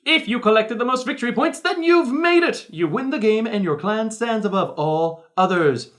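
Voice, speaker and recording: A board game show co-host voicing a mock-regal narrator, reading box text in a stately, drawn-out way. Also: medium pitch, expressive, fairly bright tone, close to an everyday voice. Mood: grandiose.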